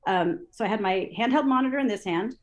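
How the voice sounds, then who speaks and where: Woman, interview guest, animated storytelling, reenacts her own thoughts, mid pitch. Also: fairly quick. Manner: many fillers and restarts. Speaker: interview guest, TV assistant director.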